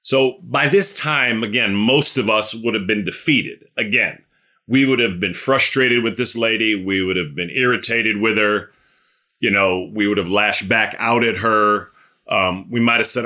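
A male preacher giving a conversational sermon, repeating phrases and filling pauses with "um.". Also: fairly low pitch, sharp tone.

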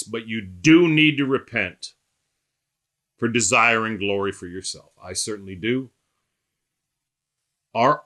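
A man preaching a sermon, emphatic and repetitive, slowing and rising on quoted scripture. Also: on the low side, pushed and bright. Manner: repetitive, rhetorical lists.

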